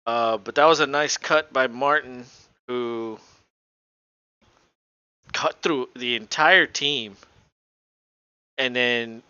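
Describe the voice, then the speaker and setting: A man's voice: medium pitch, slow, pauses often, bright, forceful tone, clear, resonant tone, dry recording. A male podcast co-host doing casual, offhand live play-by-play commentary and swearing now and then, recorded on a dull lo-fi home mic.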